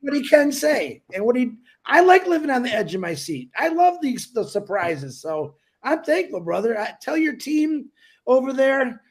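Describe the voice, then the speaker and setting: A man with a notably high voice chats casually as a guest on a call. He laughs often and speaks freely. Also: big pitch swings, normal speed. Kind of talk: casual chat.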